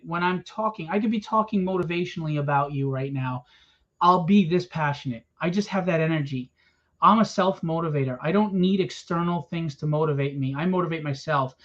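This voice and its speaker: A man's voice: high-pitched, fairly bright tone. A man who is a comic book publisher delivers a blunt, confrontational rant to a small crowd in a room at a convention, swearing freely. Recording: dull lo-fi event recording.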